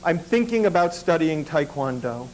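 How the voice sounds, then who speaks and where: A man's voice: fairly high pitch, big pitch swings, moderate pace, slight background noise, rough recording. A man performing stand-up, telling a long personal story in a dry, self-deprecating way.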